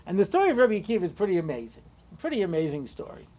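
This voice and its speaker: Man, rabbi, storytelling lecture, chatty asides, pitch and volume swing up and down. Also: rapid-fire. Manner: conversational, many asides and "you know"s; animated, shifting pitch and loudness.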